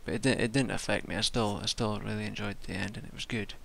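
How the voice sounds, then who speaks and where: A man's voice: fairly low pitch, fairly even intonation, fast talker, gravelly, fairly bright tone, slight background noise. A tired man rambling casually through a wrestling show review, swearing and restarting his sentences. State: tired from staying up all night.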